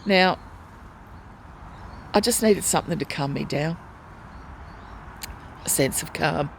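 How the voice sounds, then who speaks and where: A woman's voice: low-pitched, slow pace, gravelly, a little hiss or hum, rough recording. Distressed woman recounting hospital mistreatment. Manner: distressed, pleading retelling of mistreatment. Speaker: hospital patient vlogger. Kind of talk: personal video diary. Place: hospital ward.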